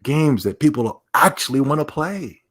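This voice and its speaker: A man's voice: on the high side, expressive, normal speed, slightly rough. A man streaming casual commentary, emphatic and sarcastic, rambling as he reacts to a clip.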